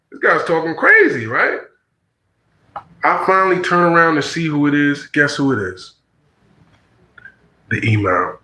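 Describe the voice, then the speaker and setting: A man's voice: on the high side, bright, forceful tone, reverberant, rough recording. A man in his forties telling a personal story in casual, slangy talk, acting out the voices he quotes.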